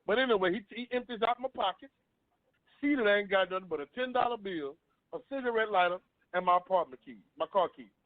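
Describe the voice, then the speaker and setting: A man with a fairly high voice tells a personal story in an earnest, repetitive way. His voice is dry and thin, as if heard over a phone line. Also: animated, fast, dry recording. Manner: earnest, storytelling, repeats himself. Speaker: panel guest. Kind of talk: personal story on a talk panel.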